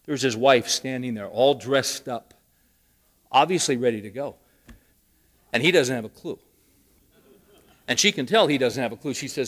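A man's voice: mid-range voice, moderate pace, pauses often, fairly bright tone. A man preaching a sermon, telling a story with rising emphasis and dry humor. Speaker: pastor.

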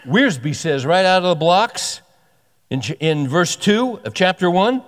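Male pastor, slightly higher voice, earnest conversational sermon with restarts, long hall echo. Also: very animated, unhurried.

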